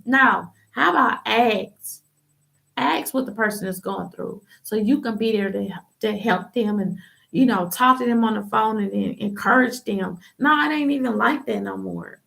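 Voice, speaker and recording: A woman talking through her own testimony on a podcast, with a gravelly, fry-edged voice at a middle pitch. She speaks emphatically and candidly, slipping into the voices of the people she quotes. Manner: animated, acts out quoted voices. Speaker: podcast host. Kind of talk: personal testimony, casual talk.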